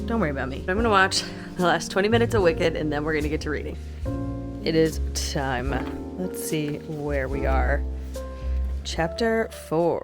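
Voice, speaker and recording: Young woman chatting about books at home, lowish voice, cusses a lot, faint music behind. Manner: chatty, swears freely, laughs often. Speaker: book vlogger. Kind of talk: casual reading vlog chat.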